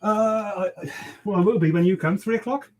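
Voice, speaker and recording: On a casual livestream from his barbershop, a man with a high-pitched voice talks fairly quickly, ribbing his customers with playful, mock-gruff cheek as he cuts. Background noise is audible.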